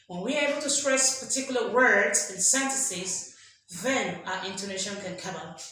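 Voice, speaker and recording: A woman's voice: mid-range voice, sharp tone. A woman teaching an English lesson, emphatic, drilling examples aloud and quizzing her listeners. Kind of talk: classroom lesson. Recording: strong echo, faint background noise.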